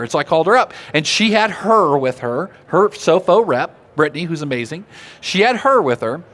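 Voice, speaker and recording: Animated man presenting at a seminar. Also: on the high side. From Oklahoma. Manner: animated, audience-engaging, asks questions. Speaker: seminar speaker. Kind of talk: live seminar talk. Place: seminar room.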